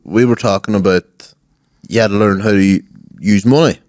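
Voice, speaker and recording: A young man co-hosting a podcast, telling stories with lots of laughter. His voice sits a little low and sounds dry and close, with no room echo. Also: moderate pace. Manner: laughing, animated storytelling banter. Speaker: podcast co-host. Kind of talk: casual chat.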